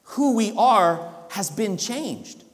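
A man's voice: high-pitched, lively intonation, takes it slowly, long reverb tail. A man preaching a sermon as pastor, emphatic, often restarting his sentences.

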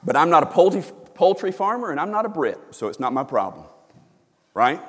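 A man preaching a sermon, swinging from hushed, low lines to loud, emphatic ones. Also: big pitch swings, fairly quick, husky. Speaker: pastor. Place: church sanctuary. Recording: long reverb of a church hall.

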